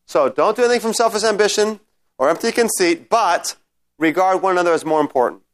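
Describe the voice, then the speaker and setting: A man's voice: high voice, fast. A man teaching a Bible study class in a conversational way, often checking in with his listeners and restarting his sentences.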